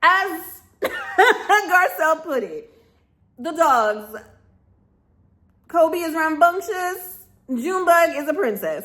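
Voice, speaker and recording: A woman's voice: very high voice, sing-song, takes it slowly, long pauses, sharp tone. A woman giving sassy, casual reaction commentary on a reality show, talking straight to the cast members.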